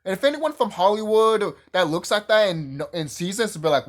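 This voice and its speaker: A man casually reviewing a TV show on his channel, excitable and profane, rambling and gushing. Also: sits high, normal speed, few pauses. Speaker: YouTube reviewer.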